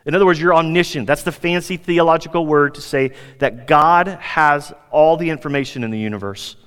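A man preaching with a slightly high voice, building energy and lifting for emphasis, then sinking to a hush. His sermon rings through a hall with a long, lingering reverb. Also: a little fast, smooth. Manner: animated preaching, rising in pitch for emphasis. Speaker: pastor.

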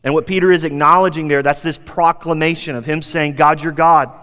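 A man preaching with a slightly high voice, building energy and lifting for emphasis, then sinking to a hush. His sermon rings through a hall with a long, lingering reverb. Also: a little fast, smooth. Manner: animated preaching, rising in pitch for emphasis. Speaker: pastor.

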